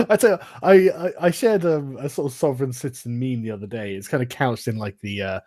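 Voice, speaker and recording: A man's voice: mid-range voice, fairly quick, darkish tone. Man chatting casually as a guest. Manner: laughs often, agreeable, chatty. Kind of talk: casual chat.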